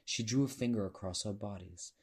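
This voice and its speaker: A man narrates a novel at an even, measured pace. His voice sits low and carries a husky, slightly breathy grain. He shifts his voice to play the characters in the dialogue. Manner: measured storytelling, lifting voice for dialogue. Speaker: audiobook narrator.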